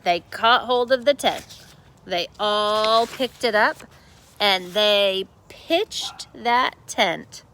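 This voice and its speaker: A woman teacher reading a picture book aloud in an expressive, unhurried storytelling manner. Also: medium pitch, slight background noise.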